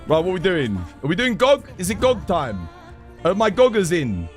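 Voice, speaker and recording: A male game streamer with a high, bouncy voice chats playfully with his viewers and giggles at the requests. Faint game music plays under him. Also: huge pitch swings, takes it slowly, long pauses. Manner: playful, giggly, reacting to chat. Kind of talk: casual live-stream chat.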